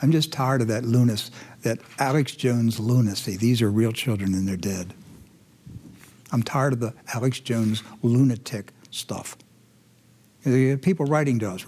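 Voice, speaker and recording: A man hosting a commentary show, talking indignantly and moving between heated outbursts and hushed, emotional passages. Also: mid-range voice, moderate pace. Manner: indignant, swings from loud ranting to hushed emotional. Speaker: host.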